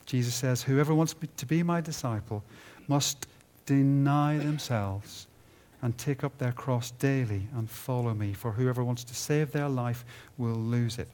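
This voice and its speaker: A man preaching a sermon at a conference, building to loud emphatic peaks and dropping low and quiet at the ends of phrases. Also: unhurried, few pauses. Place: conference hall.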